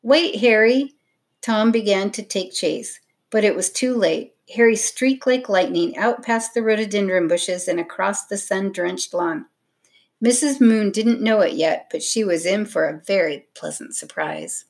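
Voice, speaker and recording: A woman narrating a children's storybook in a steady, expressive reading voice. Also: medium pitch, unhurried.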